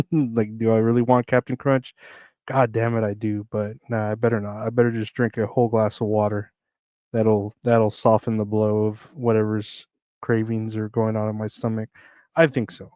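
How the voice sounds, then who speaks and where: Casting: male solo podcaster, crude rambling humor, smooth clear voice, dry close sound. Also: lowish voice, flat delivery, moderate pace, darkish tone, no room sound. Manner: crude, rambling, jokey, reads news aloud and riffs on it. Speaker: podcast host.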